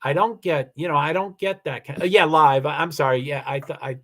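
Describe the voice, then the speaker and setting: Man, livestream host, a touch higher-pitched, halting casual delivery, insistent streak. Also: steady tone. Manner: halting, many restarts, firm and insistent when annoyed. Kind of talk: casual livestream chat reading comments.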